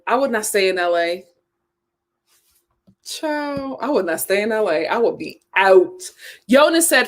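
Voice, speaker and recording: A woman's voice: mid-range voice, expressive, moderate pace. A woman hosting a casual live stream, chatting emphatically, repeating her points and reading viewer comments aloud. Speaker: host of a reality TV chat stream.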